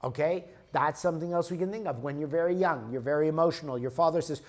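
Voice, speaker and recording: Slightly high-voiced man lecturing. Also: quick pace, hardly any pauses. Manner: explanatory, often checks in with "okay?" and "right?". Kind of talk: lecture with audience questions. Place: lecture room.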